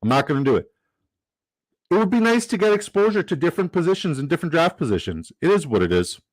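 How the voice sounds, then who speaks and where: A man's voice: on the high side, very animated, fast talker, dry recording, rough recording. A man hosting a fantasy football livestream, chatting casually, joking and reading out the chat. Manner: upbeat, jokey, reads chat aloud.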